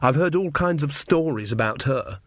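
A man's voice: on the high side, expressive, moderate pace, fairly bright tone, dry recording, clean studio sound. A man voicing a frightened, earnest young woman in a storybook reading, speaking in a raised, anxious voice. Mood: nervous.

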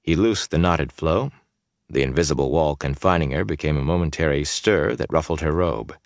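A man narrating a fantasy audiobook in a measured, steady storytelling way. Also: extremely low pitch, vocal fry, no echo, studio quality.

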